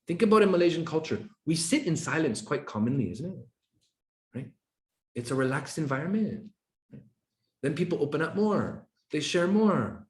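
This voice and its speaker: A man from Canada giving a conference talk on culture, lively and interactive, often asking the audience questions. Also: mid-range voice, echoey room. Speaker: speaker on intercultural competence.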